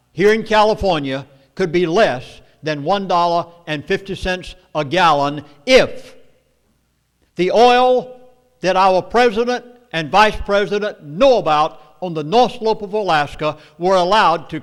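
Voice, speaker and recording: A man with a Southern US accent lecturing an audience, emphatic and storytelling, with dramatic pauses. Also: high voice. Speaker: speaker at a meeting. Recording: long hall reverb.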